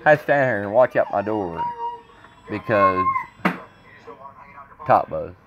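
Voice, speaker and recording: A man's voice: on the low side, huge pitch swings, takes it slowly, highs cut off, noisy background. A man in his thirties, a vlogger talking to camera in a blunt, rambling way, repeating himself. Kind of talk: casual rambling monologue to camera.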